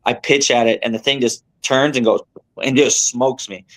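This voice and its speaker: A young man, a tournament angler, telling a story as a podcast guest in a rambling, animated way with many fillers and restarts. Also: mid-range voice, normal speed. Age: young adult. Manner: animated, rambling, lots of fillers and self-corrections.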